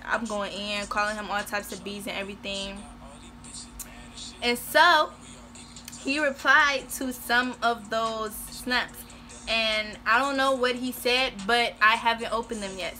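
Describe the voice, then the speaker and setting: A young woman vlogger telling a personal story in a casual, animated and emotional way. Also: on the high side.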